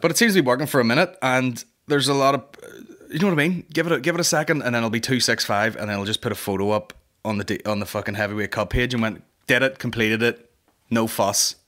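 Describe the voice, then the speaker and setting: A man's voice: mid-range voice, quick pace, fairly bright tone. A man in his thirties hosting a comedy podcast, rambling and swearing in a boisterous casual monologue. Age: 30s. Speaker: podcast host.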